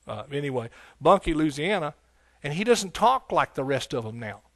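A man's voice: a little high, very animated, moderate pace, a bit bright, dry recording. Folksy preaching man, dry close sound. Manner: folksy, rising to emphatic preaching with scripture quotes. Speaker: pastor. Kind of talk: sermon. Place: church sanctuary.

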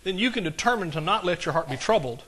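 A pastor with a drawl preaches in a folksy, chatty style, frequently breaking off for quick asides to his congregation. His bright voice sits a little high and comes across as animated and husky.

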